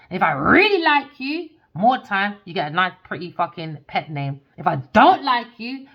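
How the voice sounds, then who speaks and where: A woman's voice: fairly low pitch, a bit bright, muffled recording. A woman, a tarot reader delivering a heated, sweary rant as an angry monologue.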